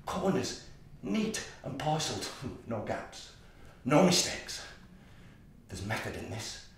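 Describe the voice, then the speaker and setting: An actor playing a menacing, order-obsessed psychopathic man in a stage monologue, slow and intense, dropping to whispers and bursting out loud. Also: mid-range voice, very animated, gravelly, a little hiss or hum, exaggerated voice. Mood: fixated. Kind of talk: theatrical monologue. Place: theatre stage. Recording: distant, echoey stage recording.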